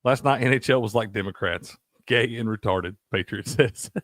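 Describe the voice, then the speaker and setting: A man's voice: lowish voice, moderate pace, no room sound, studio quality. A man co-hosting a casual sports betting chat, cursing freely and laughing often. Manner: profane, animated, laughs a lot. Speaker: sports betting show co-host.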